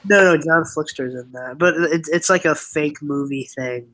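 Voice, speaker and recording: A young man streaming, rambling excitedly with lots of fillers in casual chat. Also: a little high, normal speed.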